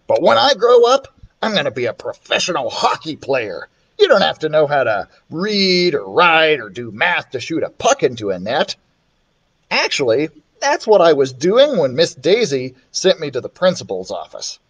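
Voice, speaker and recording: A man reading a children's chapter book aloud, expressive and playful, switching voices for the characters. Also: normal speed, slightly rough. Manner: expressive, voices the characters with big pitch swings. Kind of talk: storybook read-aloud.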